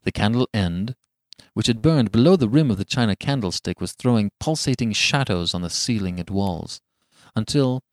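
A man narrating a horror story in a hushed, suspenseful way. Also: lowish voice, animated, normal speed, no room sound, clean studio sound. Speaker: audiobook narrator.

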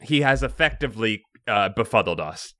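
Male co-host, bright and bouncy, playful banter. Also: on the low side, expressive, moderate pace, dry recording, clean studio sound. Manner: playful, laughing. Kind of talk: casual chat.

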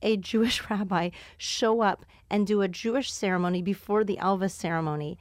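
A woman comedian hosting a podcast, telling stories in a lively casual way with lots of fillers and laughter. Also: medium pitch, fairly quick, no echo, studio quality. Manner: animated storyteller, laughs often, frequent fillers. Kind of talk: casual chat.

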